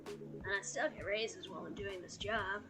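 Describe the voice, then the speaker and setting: A woman voicing a gruff, reserved male werewolf bodyguard in a game, with a low scratchy voice and game music behind. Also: steady tone, normal speed, lightly acted. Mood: guarded.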